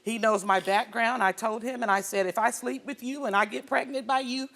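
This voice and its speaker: A middle-aged woman, a guest on a talk show, tells her own story with feeling, animatedly acting out the people in it and their quarrels. Her voice is a little high and her pace brisk.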